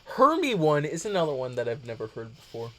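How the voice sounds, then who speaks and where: A man's voice: on the high side, wildly swooping pitch, brisk, bright, forceful tone. A man talking casually in a hesitant, rambling monologue, full of "um"s and swearing. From United States. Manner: hesitant, full of filler ums, profane. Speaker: vlogger.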